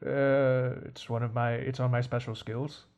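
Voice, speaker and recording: A man voicing a weary old male butler, gloomy and devoted, in halting, quiet improvised movie-dub comedy. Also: mid-range voice, little pitch movement, clean tone, muffled recording, pitched below the performer's own voice, natural voice. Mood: solemn.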